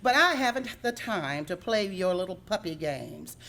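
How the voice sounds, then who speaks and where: A woman voicing a crafty old male goose who puts on a broken French accent, fussy and flattering. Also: on the low side, moderate pace. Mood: haughty. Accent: broken French, put on.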